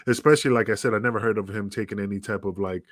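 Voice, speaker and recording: A man's voice: on the low side, fairly even intonation, racing, no room sound, clean studio sound. Rambling man in his fifties. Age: 50s. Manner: rambling, many fillers and restarts. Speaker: podcast co-host. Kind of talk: casual chat.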